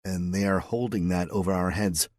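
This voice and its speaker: A man voicing a subdued worker who speaks quietly and grimly. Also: sits low, fairly even intonation, normal speed, dry recording, natural voice. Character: subdued working man under pressure.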